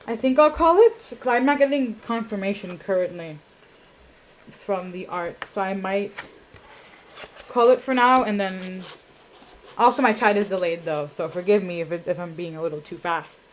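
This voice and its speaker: Young woman, live stream host, casual rambling chat, medium pitch, webcam sound, faint background hum. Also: normal speed. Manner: rambling, self-deprecating, lots of ums and tangents. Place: home room.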